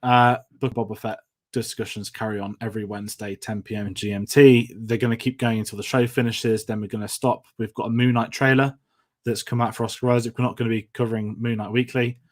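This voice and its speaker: This man, a film review podcast host, has a mid-range voice with a level tone and a brisk delivery. He chats casually, running through upcoming content.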